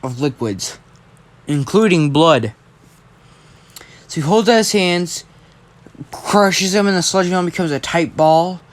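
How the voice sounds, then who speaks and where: A man's voice: high voice, measured pace, pauses often. A man casually telling a fan-fiction story, rambling, restarting and swearing as he goes.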